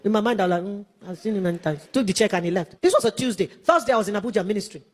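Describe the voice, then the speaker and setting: Rapid-fire Nigerian woman preacher. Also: mid-range voice. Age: 50s. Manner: animated storytelling, acts out dialogue. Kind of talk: sermon testimony.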